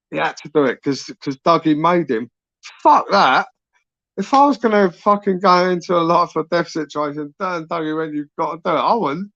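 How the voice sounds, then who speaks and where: A man's voice: a little high, creaky, a bit bright, dry recording, muffled recording. A man, hosting his channel in a casual live chat, rambling and swearing with lots of tag questions. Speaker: YouTube channel host.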